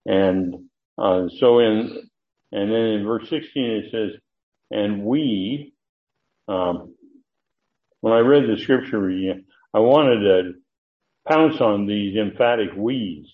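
An older man teaching a verse-by-verse Bible lesson, halting with many fillers and sudden emphatic rises. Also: fairly low pitch. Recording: tinny phone-like recording.

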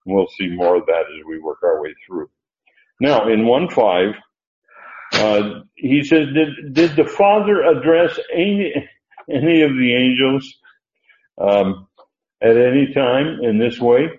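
An older man teaching a Bible study as a preacher, unhurried and halting, with many fillers. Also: mid-range voice, lively intonation. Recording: roomy, dull lo-fi sound.

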